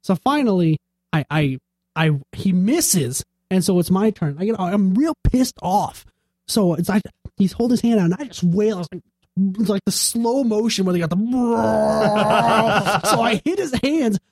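A man's voice: sits high, expressive, normal speed, darkish tone, no room sound. A man co-hosting a podcast, chatting casually and laughing as he tells stories. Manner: laughing storyteller. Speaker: podcast co-host. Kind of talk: casual banter.

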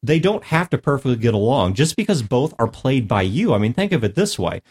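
A man's voice: mid-range voice, sing-song, brisk, a little mellow, husky. A man giving casual, earnest advice on tabletop role-play, laying out numbered tips and playing down his own skill. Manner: earnest, self-deprecating, explains in numbered points. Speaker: podcast co-host.

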